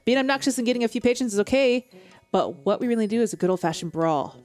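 A woman's voice: fairly high pitch, fast talker, faint music behind. Chatty woman gamer reading aloud. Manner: chatty, excitable, slangy. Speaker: gaming video host. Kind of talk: casual game commentary and reading game text aloud.

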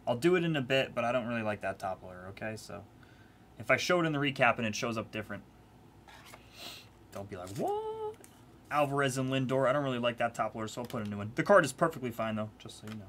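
A man's voice: medium pitch, racing, a bit bright, a little hiss or hum. A man hosting a live trading-card break, chatting casually and teasing his viewers in a playful way. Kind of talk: casual live-stream commentary.

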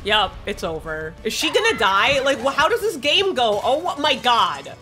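Woman let's-play host, lively swooping pitch, foul-mouthed and easily panicked. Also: moderate pace, soft background music. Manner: excitable, swears a lot, shrieks when panicked. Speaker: gaming streamer.

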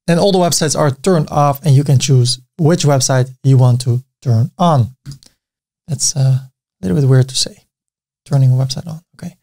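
Step by step, this tutorial host narrates his clicks through a screen-recorded software lesson, adding easygoing asides. He is a native Dutch speaker with a Dutch accent, talking at a moderate pace in a medium-pitched voice.

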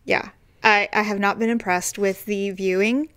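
A woman's voice: medium pitch, fairly even intonation, moderate pace, a bit bright, clear, resonant tone. A woman co-hosting a podcast in casual chat, candid and self-deprecating, often giggling. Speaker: podcast co-host.

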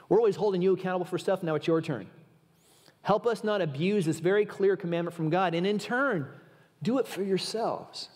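A man delivers a conversational sermon, earnest and informal, often turning straight to his listeners. His voice sits a little high for a man. The sound carries the long, ringing reverb of a large church hall. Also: a little fast, a little mellow. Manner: earnest, informal, addresses the audience directly. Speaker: guest preacher.

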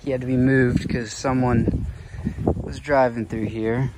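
A young man with a casual, excited manner narrates an outdoor reptile-spotting vlog in a park, often talking softly to the animals. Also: mid-range voice, a little slow. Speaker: reptile vlogger. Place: outdoors in a state park and an alligator farm. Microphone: camera-mounted shotgun mic. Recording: outdoor recording with clear background noise.

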